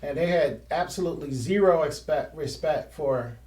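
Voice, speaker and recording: A man's voice: a little high, moderate pace, darkish tone, far from the mic. A man hosting a painting history show from his art studio, talking casually and rambling with restarts and trailing phrases. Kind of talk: casual explanatory talk while painting. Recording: roomy sound from off-mic.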